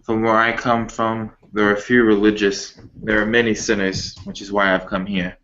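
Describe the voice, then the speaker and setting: A man voicing a repentant male sinner from the city, confessing in an earnest, halting way. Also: on the low side, little pitch movement, fairly bright tone, dull audio, slight background noise, natural voice. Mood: pleading.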